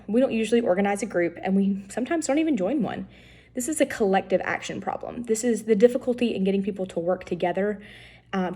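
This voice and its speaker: A woman's voice: medium pitch, darkish tone. A woman giving a recorded lecture, explaining step by step with frequent ums and self-corrections. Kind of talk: recorded lecture on political science.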